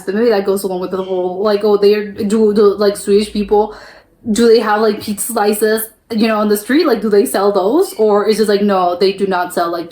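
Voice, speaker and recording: Speaking at a medium pitch with a darkish tone, a young adult woman from the US rambles through her reaction video. She laughs readily and fills her chatty commentary with fillers and false starts, all recorded in an echoey space.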